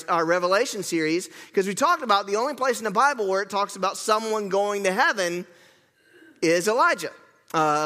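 A man's voice: high-pitched, bright, forceful tone, long reverb tail. A man preaching a sermon, chatty and self-correcting, joking with the congregation. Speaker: pastor. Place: church sanctuary.

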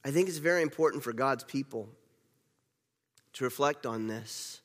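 A man's voice: mid-range voice, measured pace, long pauses, a bit bright. A male pastor giving a conversational sermon, repeating phrases for emphasis. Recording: long reverb of a large hall.

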